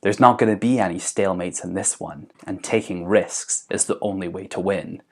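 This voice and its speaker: A man voicing a cold, scheming grown politician who speaks slowly and softly with quiet menace, in a comedy vlog retelling. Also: deep voice, gravelly. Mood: quietly menacing. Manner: slow, hushed, menacing.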